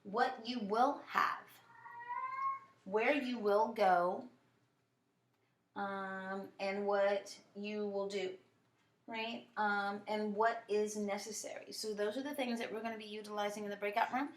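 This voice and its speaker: A woman's voice: mid-range voice, steady tone, slow, echoey room. A woman teaching a language lesson to a class, explaining step by step with frequent fillers and checks like "right?". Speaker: French teacher.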